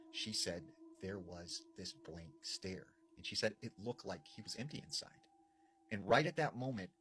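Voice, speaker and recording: Man, casual scary storytelling, low voice, lively, faint ambience behind. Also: slight background noise, poor audio. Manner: animated, conversational with frequent fillers.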